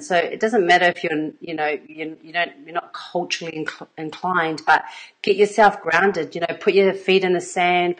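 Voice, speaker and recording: A woman's voice: low voice, fairly bright tone, poor audio. A middle-aged woman, an intimacy coach telling stories in a casual livestream, earnest and rambling, with plenty of fillers and laughs between her thoughts.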